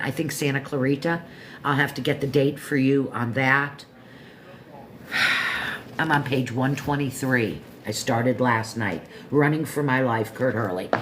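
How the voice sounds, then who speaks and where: This woman in her fifties has an extremely low voice, with a little hiss or hum in the recording. Hosting a book-review livestream, she chats in a casual, meandering way, peppered with asides and self-corrections.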